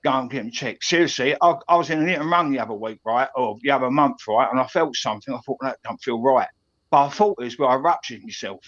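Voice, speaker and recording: A man's voice: mid-range voice, fast, fairly bright tone. Rambling Cockney man on a dull call line. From East London. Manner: rambling, stumbling restarts. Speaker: caller on a stream. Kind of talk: casual chat.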